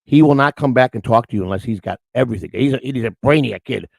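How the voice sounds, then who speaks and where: An older man hosts a morning show in a casual, rambling chat, telling meandering stories full of restarts and acted-out quotes. His voice is mid-range and fast with vocal fry, and the recording is dry.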